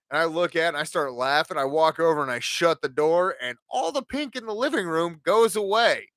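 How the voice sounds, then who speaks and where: A man's voice: fairly high pitch, expressive, brisk, hardly any pauses, a bit bright, no room sound. A man in his forties hosting a podcast, telling stories in a casual, profane, ranting way. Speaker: podcast host.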